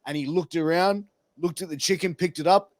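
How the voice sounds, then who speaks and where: A male host with a fairly high voice tells stories with lots of animation and casual swearing. The recording is dry and close, with little room sound. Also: fairly quick, dry recording. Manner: animated storyteller, swears freely. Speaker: podcast host. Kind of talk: casual interview conversation.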